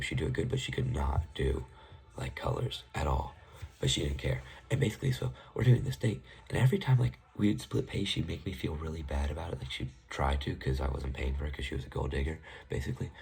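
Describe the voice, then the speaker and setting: Young male vlogger, very low gravelly voice, rambling exasperated storytelling. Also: a little mellow. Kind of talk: casual storytime rant.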